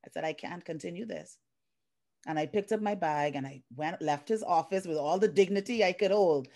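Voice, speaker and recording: A woman's voice: fairly low pitch, fairly quick. A middle-aged woman from the Bahamas, a life coach and guest, telling a personal story with feeling, acting out what others said, over a video call. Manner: emotional, animated retelling with acted-out quotes.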